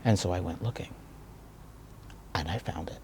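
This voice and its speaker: A man telling a personal story in a reflective, soft-spoken and earnest way. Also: low voice, normal speed, slight background noise. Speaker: video essayist.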